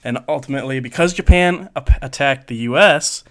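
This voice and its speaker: A podcast co-host from Michigan speaks fairly quickly at a medium pitch. He tells stories in a jokey, casual way and laughs often.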